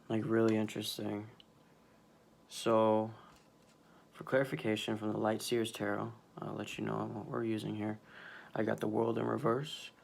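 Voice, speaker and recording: A man doing a casual tarot reading, talking haltingly with many restarts and emotional pauses. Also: fairly low pitch, vocal fry, slight background noise. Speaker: tarot reader.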